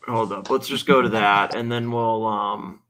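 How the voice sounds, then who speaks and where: A man's voice: lowish voice, steady tone, a little slow, bright, forceful tone. A man hosting a livestream, chatting loosely with lots of fillers and trailing thoughts. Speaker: livestream host. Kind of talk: casual livestream chat.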